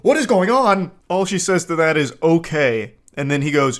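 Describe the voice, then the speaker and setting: A man's voice: on the high side, very animated, moderate pace, few pauses, fairly bright tone. A man in his thirties hosting reaction commentary, reading dating texts aloud with incredulous, crude outbursts. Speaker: commentary host.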